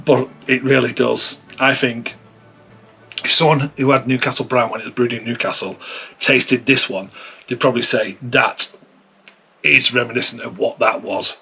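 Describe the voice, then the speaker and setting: A man's voice: mid-range voice, fairly even intonation, moderate pace, gravelly, bright, forceful tone, husky, faint music behind. A man giving a casual beer tasting review, chatty and thinking aloud as he sips and compares.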